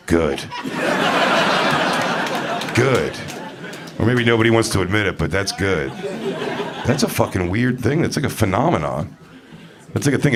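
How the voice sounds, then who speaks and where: A man's voice: fairly low pitch, heavy background noise. A male stand-up comedian on a club stage, doing blunt, teasing, profane crowd work into a handheld mic. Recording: live show with loud crowd laughter.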